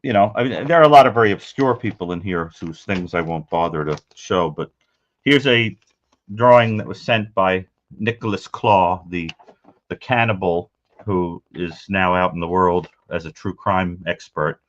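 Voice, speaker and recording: A man chatting as a guest about his collection of crime memorabilia, talking in an unhurried, rambling, matter-of-fact way. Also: sits low, muffled recording. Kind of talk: casual show-and-tell chat.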